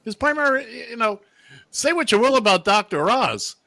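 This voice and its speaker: On a casual political radio chat, a Long Island, New York man co-hosts bluntly, airing strong opinions and teasing the others. He has a very high voice with lively intonation, vocal fry, and a sharp tone, speaking at normal speed with no room sound.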